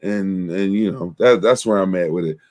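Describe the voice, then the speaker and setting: A man's voice: low-pitched, normal speed, a little mellow, no room sound. A man hosting a casual podcast, ranting with profanity and hype. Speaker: podcast host.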